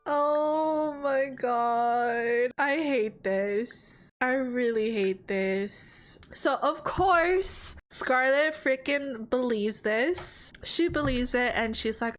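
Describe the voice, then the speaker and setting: A young woman giving dramatic, animated commentary while playing a life sim game. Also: high voice, slow pace, a little hiss or hum. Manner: dramatic, animated, exclaims often. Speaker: streamer. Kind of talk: let's play commentary.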